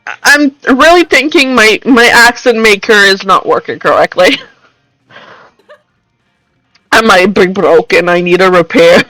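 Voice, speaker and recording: A woman's voice: medium pitch, moderate pace, sharp tone, no room sound, low-quality recording. A woman streaming a game, reading it aloud and laughing as she tries out silly voices. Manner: playful, laughing, jumps between silly voices.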